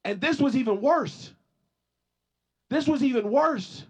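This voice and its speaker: Male pastor, sermon, high-pitched, personal storytelling, repeated restarts, rising emphasis. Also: fast. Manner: rises in pitch and force on points of emphasis.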